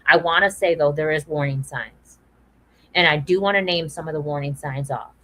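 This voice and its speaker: A woman with a lowish voice hosts a conversation. She speaks earnestly and leans on repeated phrases to drive her points home. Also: moderate pace, a bit bright, rough recording. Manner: emphatic, repeats phrases for weight. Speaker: podcast host. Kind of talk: earnest awareness talk.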